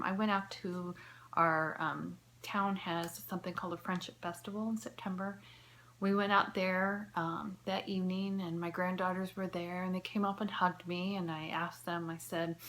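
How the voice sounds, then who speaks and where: A woman in her fifties talks straight to the camera, telling her own story in a heartfelt, earnest way. Her pitch sits in an ordinary middle range. Now and then she drops to a near whisper. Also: fairly bright tone. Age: 50s. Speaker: vlogger.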